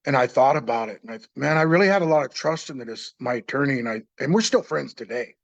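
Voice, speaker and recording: A man's voice: mid-range voice, animated, fast talker, vocal fry, no room sound, lo-fi sound. A man in his sixties casually telling his own story, plain-spoken and rambling, acting out remembered conversations.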